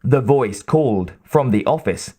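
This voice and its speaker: A man reading an audiobook in a measured, even narration. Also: mid-range voice.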